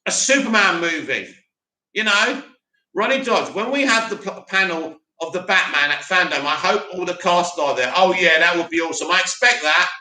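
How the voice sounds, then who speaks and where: A man's voice: high-pitched, normal speed, sharp tone, roomy sound. A young man from Bromley with a South London accent, hosting a casual live stream, reading chat comments and bantering about films. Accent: South London English. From Bromley, England. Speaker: host of a live movie news stream.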